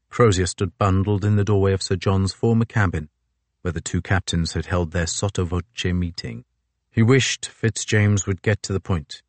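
A male narrator reading a novel aloud in a measured, even way. His voice sits very low. The recording is close and completely dry, with no room sound. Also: dry recording. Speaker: audiobook narrator. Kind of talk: scripted narration.

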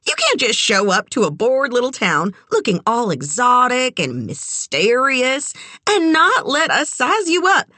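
A woman voicing a brash, bubbly young woman who talks loud, high and gushing. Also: huge pitch swings, unhurried, no room sound, exaggerated voice.

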